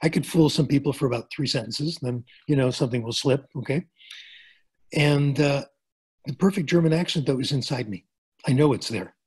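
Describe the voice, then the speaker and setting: A man's voice: mid-range voice, brisk, a little mellow, breathy edge. An older man from the United States giving a webinar lecture as a linguistics professor, chatty, with joking asides and plain examples, on a video call. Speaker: guest speaker, linguistics professor. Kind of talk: webinar lecture answering questions.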